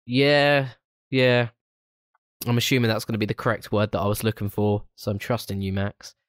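A man's voice: on the low side, little pitch movement, moderate pace, no echo, studio quality. A man, co-hosting a casual film review podcast, swearing freely and laughing often. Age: 20s. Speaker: podcast co-host.

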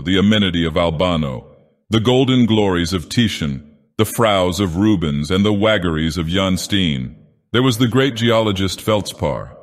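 Man doing Dagoth Ur, deep echoing god-villain. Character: ancient godlike male villain, grandiose and menacing. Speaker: narrator. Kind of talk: dramatic storybook narration. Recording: long cavernous reverb.

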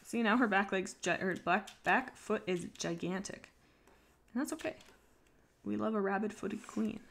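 A woman with a creaky, mid-range voice chats casually on a livestream as she draws, speaking at a moderate pace. She rambles and pokes fun at herself, sometimes trailing off quietly while she concentrates.

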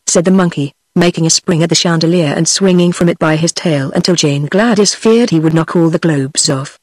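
A text-to-speech voice of a woman with a British accent, narrating a fairy-tale audiobook in an even, steady way. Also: fairly low pitch, brisk, few pauses, slightly rough, no echo.

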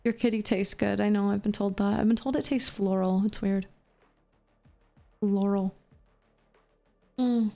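A woman's voice: medium pitch, fairly even intonation, a little slow, creaky, pauses often, dark tone, soft background music. A woman streamer chatting casually with her live chat while gaming, profane, playful and flirty. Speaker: VTuber streamer.

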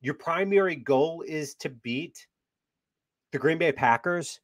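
A man's voice: on the high side, takes it slowly, no echo, studio quality. A man hosting a sports talk show, talking casually and mockingly, amused and full of trash talk. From Wisconsin.

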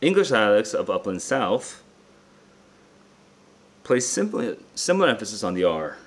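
A tired, distracted young SAT tutor thinks aloud through test questions from his room, muttering, double-checking himself and making casual asides to viewers. His voice is lowish, husky and sing-song, at a measured pace.

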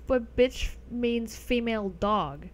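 Chatty young woman streaming a game. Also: a little high. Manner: rambling, chatty, laughs often. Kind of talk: casual live-stream chat over gameplay.

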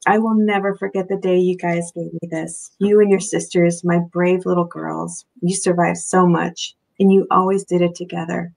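Brief: an author voicing a warm, serene motherly older woman, low and gravelly, soft and fond, read from a novel. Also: level tone, normal speed, few pauses, low-quality recording. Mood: tender. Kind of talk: reading aloud from a novel.

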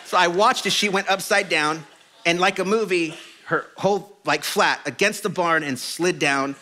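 A middle-aged man preaching a sermon as a pastor, telling stories in an animated, self-deprecating way. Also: sits high, moderate pace. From Mexican heritage. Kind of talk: storytelling sermon. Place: church auditorium.

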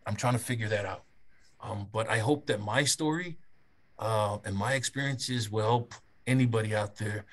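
A man's voice: fairly low pitch, moderate pace, fairly bright tone. A middle-aged man from Samoa, a guest speaker giving a candid personal testimony in a group session and often stumbling and repeating words.

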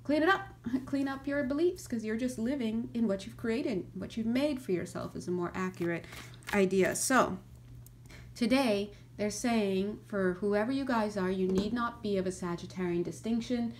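A woman giving a casual spiritual reading, chatty and animated, often laughing and going off on asides. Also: mid-range voice, normal speed, slight background noise. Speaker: astrology and tarot reader.

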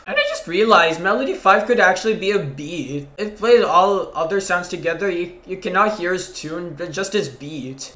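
Excitable high-voiced young man reacting. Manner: excitable, with sudden yelps. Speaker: game reaction YouTuber. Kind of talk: casual game reaction commentary. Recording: roomy echo.

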